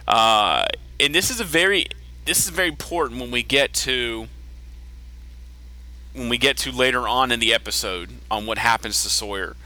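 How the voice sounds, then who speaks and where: A man's voice: medium pitch, normal speed, sharp tone, rough recording. A man hosting a podcast, casually recapping a TV episode, chatty, restarting sentences and laughing often. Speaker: podcast host.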